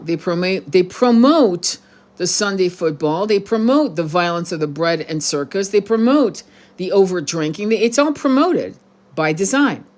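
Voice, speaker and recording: A woman hosting her spiritual channel, talking bluntly and heatedly to her viewers in a profane, rambling monologue with many restarts. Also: mid-range voice. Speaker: tarot channel host.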